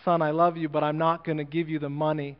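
A pastor putting on a rich older father, quiet and measured, loving but firm. His voice is smooth and clear, with a long church reverb on a dull recording. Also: fairly high pitch, flat delivery, lightly acted. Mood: gentle firm.

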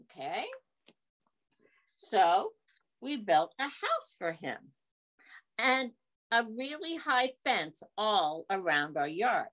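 A woman's voice: medium pitch, very animated, takes it slowly, long pauses, a bit bright. A woman leading a children's library storytime, reading a picture book aloud in a coaxing sing-song way and asking the kids questions.

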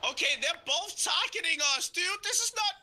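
A man's voice: very high-pitched, expressive, brisk, bright, forceful tone, a little hiss or hum. A man chatting through a live game with friends, complaining in a whiny, melodramatic way. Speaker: gaming channel regular. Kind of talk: live gameplay chat with friends.

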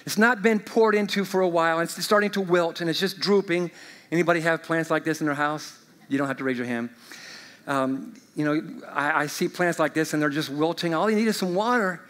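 A man preaching a sermon as pastor, swinging from loud proclamation to quiet, chatty asides. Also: on the high side, a little fast. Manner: chatty, uses sports illustrations and fillers.

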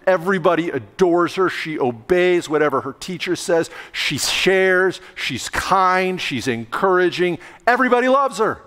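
High-voiced male pastor, lively storytelling sermon, long sanctuary reverb. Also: a little slow, few pauses. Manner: lively storytelling with acted-out yelling. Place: church sanctuary.

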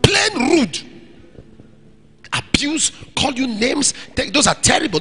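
Lively, high-voiced man preaching. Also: slow, long pauses, faint music behind. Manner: lively, emphatic, acts out quoted dialogue. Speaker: pastor. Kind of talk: sermon with audience Q&A. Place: church hall.

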